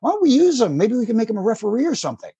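A man's voice: extremely high pitch, big pitch swings, rapid-fire, mellow, breathy edge, no echo, pitched above the performer's own voice, heavily acted. A man putting on an impression of an older male wrestling boss with a French accent, eager and pleading.

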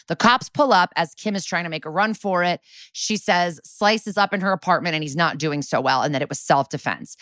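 Casting: woman podcast co-host, low-set voice, lively, profane recap storyteller, dry close mic. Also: fairly quick, no room sound. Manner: lively storytelling, acts out quoted lines, swears freely. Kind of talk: casual TV episode recap.

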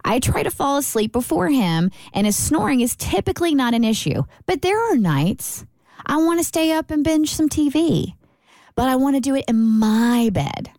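A woman co-hosting a morning radio show, reading a listener's letter aloud in an expressive way. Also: high-pitched, normal speed, no echo. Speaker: radio co-host.

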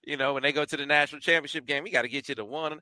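Easygoing male podcast host, bright and higher-pitched voice, jokey. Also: steady tone, racing, no echo. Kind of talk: casual sports talk.

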